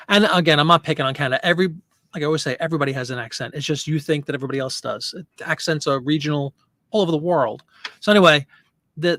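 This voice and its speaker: A man's voice: fairly high pitch, bright, forceful tone, no room sound, studio quality. A man hosting a live stream, chatting casually and answering viewer comments.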